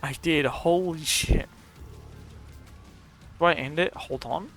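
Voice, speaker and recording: A man's voice: fairly high pitch, a little fast, gravelly, bright, forceful tone. A young man, casually telling a story while gaming, rambling and swearing with lots of fillers. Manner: rambling and profane, many fillers. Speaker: streamer. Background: faint music.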